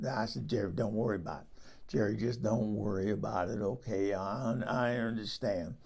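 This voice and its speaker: A man's voice: on the low side, fairly even intonation, moderate pace, gravelly, a little mellow. A man playing a frank older woman who rambles through a comic story and laughs at herself. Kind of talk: comic character monologue.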